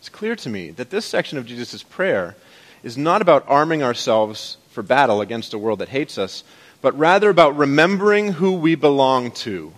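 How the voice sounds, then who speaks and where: A man's voice: medium pitch, sing-song, normal speed. A man as pastor, preaching to his congregation in a conversational, playful way. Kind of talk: sermon.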